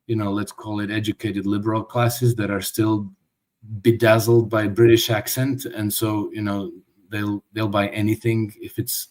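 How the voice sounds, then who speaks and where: In this conversational interview, the guest commentator is a man whose voice sits on the low side and sounds a little mellow. He comes across as thoughtful, though his speech is full of restarts and stammers.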